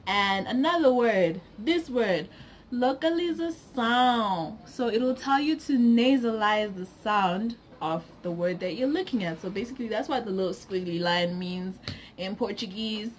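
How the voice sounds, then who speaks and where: A woman's voice: mid-range voice, normal speed, slight background noise. A woman from Zimbabwe giving a casual video lesson, chatty and explaining with examples. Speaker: language teacher YouTuber.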